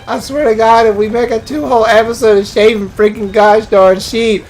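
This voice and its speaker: A man's voice: sits high, steady tone, normal speed, slight background noise. A man giving casual commentary while playing a co-op game, exasperated and exclaiming, laughing often. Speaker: co-host gamer.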